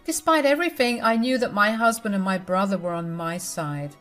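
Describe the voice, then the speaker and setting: A woman's voice: mid-range voice, fairly quick, fairly bright tone, soft background music. A young adult woman narrating a first-person family drama story, confiding and emotional, speaking straight to her listeners.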